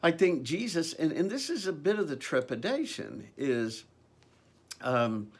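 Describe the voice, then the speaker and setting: A man's voice: a little high, sing-song, unhurried, slightly rough. A man preaching a conversational sermon, earnest and unscripted, with frequent ums and restarts. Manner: earnest, conversational, with many ums and repeated phrases.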